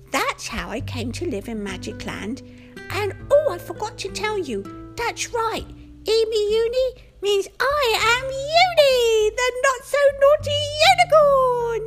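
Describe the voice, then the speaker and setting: A woman voicing a cheerful little boy unicorn who tells a children's story in a playful, sing-song way. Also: high-pitched. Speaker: host.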